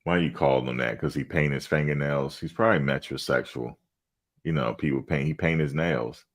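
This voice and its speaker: A man's voice: extremely low pitch, normal speed. A middle-aged man hosting a fan live stream in a laid-back, chatty way, telling stories and laughing often. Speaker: fan channel host. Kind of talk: casual live-stream chat.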